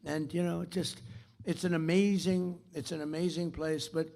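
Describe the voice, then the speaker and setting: Rambling boastful keynote speaker, a man with a very gravelly, somewhat high voice, repeating himself from a stage podium. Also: level tone, normal speed, dark tone. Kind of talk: political speech. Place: stage of a large theater.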